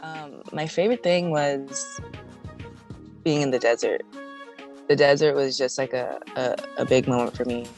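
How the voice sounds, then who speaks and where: A young woman from Brooklyn, New York, chatting as a guest on an interview show, giggly and halting with many fillers. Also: extremely low pitch, steady tone, a little mellow, soft background music. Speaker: guest singer. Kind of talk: casual interview chat.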